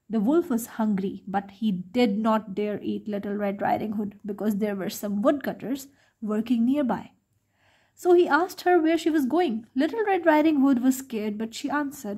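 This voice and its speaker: A woman reading a bedtime story aloud to children in a gentle, sing-song way. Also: on the high side.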